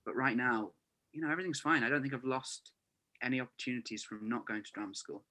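A man's voice: medium pitch, fast talker, bright, forceful tone. A man in his twenties, an actor, chatting as a podcast guest in an earnest way, often saying "you know". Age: 20s. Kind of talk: casual chat. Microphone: remote call.

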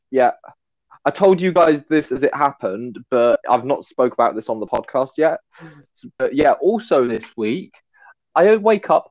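A man's voice: fairly high pitch, no room sound, highs cut off. Laughing man telling stories. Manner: animated, laughing storyteller. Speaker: podcast co-host. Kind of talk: casual chat, storytelling.

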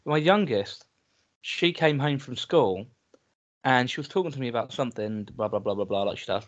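A man's voice: medium pitch, expressive, brisk, lo-fi sound. A man, teasing his co-host and chatting about his young kids on a podcast. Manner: teasing, chatty, recounts kids' sayings. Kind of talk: casual chat.

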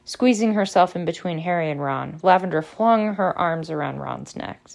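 A woman narrating an audiobook in a measured, expressive way. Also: lowish voice, vocal fry.

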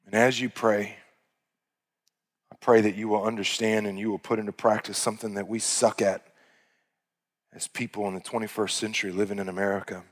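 A man's voice: little pitch movement, fairly quick, long pauses. Impassioned male pastor in a reverberant hall. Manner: impassioned preaching that swells loud and high, then drops to hushed tones. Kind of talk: sermon.

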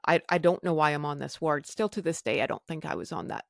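A woman's voice: low-pitched, animated, fast, creaky, dry recording, clean studio sound. A woman host telling a candid personal story in a blunt way, swearing and acting out the people she quotes. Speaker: podcast host.

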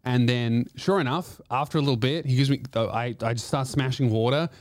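A man's voice: mid-range voice, a little fast, no echo, clean studio sound. A man who is a comedian and podcast host, telling a profane, rambling comic story full of restarts.

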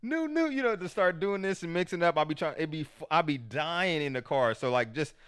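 A man's voice: fairly high pitch, brisk, fairly bright tone, clear, resonant tone. A man in casual chat, speaking candidly and with profanity.

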